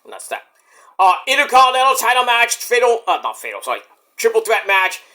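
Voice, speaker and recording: A young man giving a casual, rambling wrestling event review, excitable and profane, with sudden shouts. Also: very high voice, brisk.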